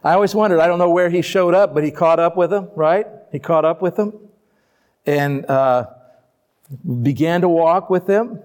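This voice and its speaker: A man's voice: a little high, moderate pace, a little mellow. A man preaching a sermon to a congregation, reading scripture aloud and explaining it in a conversational way, with rhetorical questions and playful asides. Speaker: pastor. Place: church before a live congregation.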